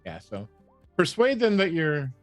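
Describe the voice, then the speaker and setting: A man acting as game master in a casual tabletop session, relaxed and hedging, often laughing. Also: a little high, unhurried, dry recording, soft background music.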